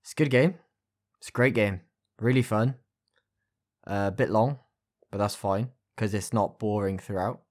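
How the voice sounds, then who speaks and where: Lowish laid-back British man. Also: normal speed, pauses often. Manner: laid-back, brief replies. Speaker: podcast co-host. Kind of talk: casual podcast chat.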